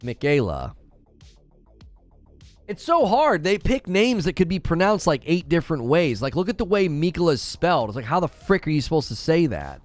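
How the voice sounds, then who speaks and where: A man hosting a gaming channel, chatting casually with a live audience in an animated, ranting way and stumbling over hard names. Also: a little high, normal speed, soft background music. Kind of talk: casual live-stream chat, reading viewer comments.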